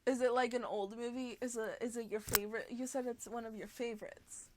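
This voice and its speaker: A woman's voice: a little high, fairly even intonation, fairly quick, background noise. A young woman livestreamer chatting casually with her viewers, bubbly and giggly, often gasping and restarting her sentences.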